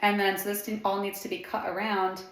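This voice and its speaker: A woman's voice: medium pitch, level tone, fairly quick. A young woman working as an interior designer, narrating a casual home renovation vlog indoors in a chatty, upbeat way full of fillers. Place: house under renovation, indoors.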